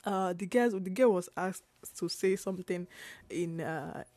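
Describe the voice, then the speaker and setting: A young woman from Nigeria with a Nigerian accent, hosting a casual solo podcast in an animated way, full of laughter, restarts and Pidgin asides. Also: lowish voice, measured pace, dry recording. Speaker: podcast host.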